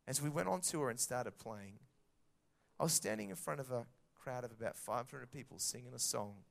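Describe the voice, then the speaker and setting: A man giving an animated faith testimony, acting out the voices he quotes as he tells his story. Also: medium pitch, moderate pace, creaky. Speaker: children's music minister. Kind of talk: testimony talk.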